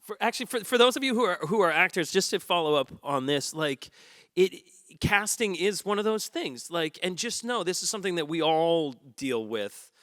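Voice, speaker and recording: A man's voice: sits high, lively intonation, moderate pace, fairly bright tone, no room sound, studio quality. A man, a stage actor on a discussion panel, talking in an earnest, reflective way with frequent restarts.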